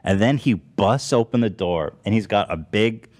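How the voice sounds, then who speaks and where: Casual male host, thirties, low voice, animated storyteller who laughs easily. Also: moderate pace, no room sound. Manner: laughs often, animated retelling with put-on quotes. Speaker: podcast host.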